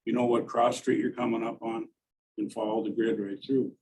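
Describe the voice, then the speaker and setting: A man's voice: mid-range voice, little pitch movement, moderate pace, mellow, distant mic, slight background noise, rough recording. A man on a committee giving his blunt opinion in a meeting discussion.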